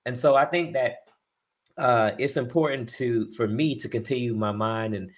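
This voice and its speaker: Male co-host, relaxed and explanatory, thinking out loud. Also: mid-range voice, moderate pace. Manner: explanatory, thinks aloud with fillers. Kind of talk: casual podcast chat.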